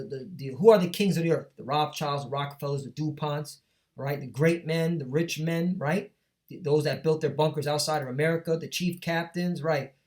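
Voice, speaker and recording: A man teaching from the Bible in an emphatic, preachy way, reading verses aloud and checking in with the listener as he goes. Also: fairly high pitch. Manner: emphatic, repeats "all right?" and "man". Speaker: street preacher.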